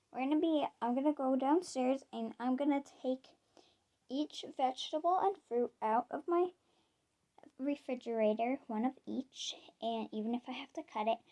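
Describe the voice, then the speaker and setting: A woman's voice: a little high, warm tone. Chatty young woman vlogging about her pet. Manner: chatty, rambling with fillers. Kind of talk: casual pet vlog. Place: home, indoors.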